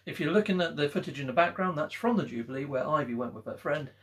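A man's voice: on the high side, lively intonation, fast talker. A British man chatting casually to camera as a vlog co-host and explaining things at length. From United Kingdom. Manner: explanatory, leads the talk.

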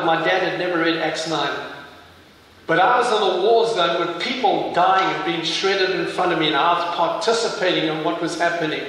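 A man's voice: a little high, a bit bright, slight background noise. A man with a South African accent giving an intense testimony sermon, building to fervent emphasis. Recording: echoey hall, mic heard from far off.

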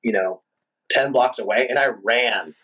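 A rock singer guest telling a long, animated, profane story in a casual interview. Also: male voice, mid-range voice, a little slow, poor audio. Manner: animated, profane, rambling anecdotes.

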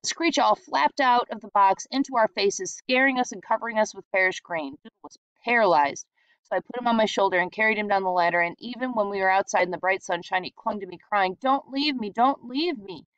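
A woman reads a short story aloud at a steady, reflective pace, in a middle-pitched voice. The sound is dry and close, with a dull, lo-fi quality. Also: quick pace, clear, resonant tone, no echo. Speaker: reader.

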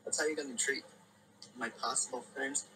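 A possessive teenage girl snaps at her friends and swears sharply, as a man reads her out from a story. Her lines come in a bright, forceful voice. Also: mid-range voice, fairly even intonation, normal speed, a little hiss or hum, lightly acted, poor audio. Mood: snapping.

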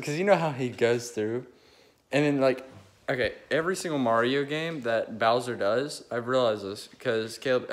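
A young man chatting casually and rambling eagerly between his impressions, recorded on a phone. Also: medium pitch. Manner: rambling, restarts often, eager. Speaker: amateur impressionist.

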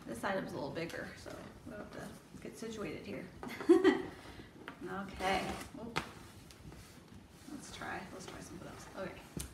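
A woman's voice: medium pitch, lively intonation, unhurried, pauses often, distant mic, background noise. A woman children's librarian leading a toddler storytime, speaking in a coaxing way and asking the children questions. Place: library room. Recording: echoey room, mic set back.

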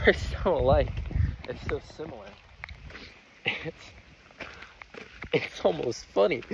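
A man's voice: fairly high pitch, slow, vocal fry, pauses often. A young man talking to camera on a walk outdoors, rambling and confessional, self-deprecating and swearing often. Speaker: vlogger. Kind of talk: rambling walk-and-talk vlog. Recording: muffled outdoor recording with loud ambient noise.

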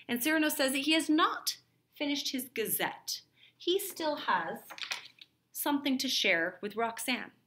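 A woman's voice: sits high, expressive, measured pace, sharp tone, a little hiss or hum. A woman teacher summarizing a play for a literature lesson, retelling it in a conversational way with fillers.

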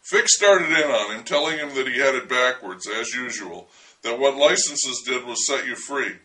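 Male storyteller, wry and dryly humorous, bright tone, set back from the mic. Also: medium pitch, lively intonation, normal speed, recorded from a distance, rough recording. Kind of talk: storytelling memoir narration.

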